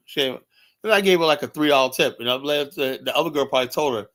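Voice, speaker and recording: A man's voice: medium pitch, fast talker. A man hosting an online talk show, ranting in casual commentary and acting out the lines he quotes in his stories. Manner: animated storytelling, acts out quoted lines. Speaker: podcast host.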